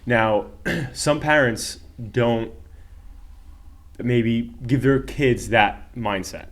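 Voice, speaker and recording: A man's voice: mid-range voice, very slow. A man hosting a casual interview, chatty and enthusiastic, often affirming his guest. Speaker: podcast host.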